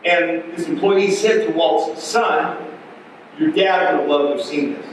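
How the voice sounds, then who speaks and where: Middle-aged male pastor, animated sermon storyteller, slightly high voice, very echoey hall from a distant mic. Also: measured pace, a little hiss or hum. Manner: animated storyteller with repeated restarts. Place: church sanctuary.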